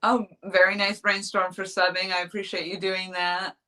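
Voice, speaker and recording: A woman's voice: mid-range voice, level tone, moderate pace, bright, forceful tone. A woman from New Hampshire chatting casually on a live stream as a fishing vlogger, rambling and laughing often as she reads the chat.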